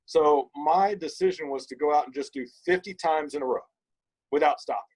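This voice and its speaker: Husky-voiced man telling an animated story. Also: fairly high pitch, a little fast, poor audio. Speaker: podcast guest. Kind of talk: casual storytelling conversation.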